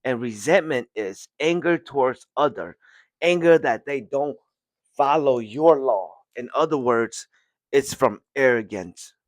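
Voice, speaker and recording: A male podcast host talks through a story recap in a loose, rambling way, restarting sentences and chuckling often. His voice sits at an ordinary middle pitch. He is recorded on a close mic in a dry space with almost no reverb. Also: expressive, unhurried. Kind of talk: casual chapter recap.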